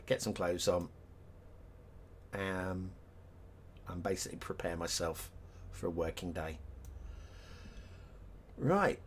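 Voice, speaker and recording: Slow, lively-voiced male streamer. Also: on the low side. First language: not English. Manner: chatty, laughing, thinks aloud to chat. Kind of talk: live game stream chat.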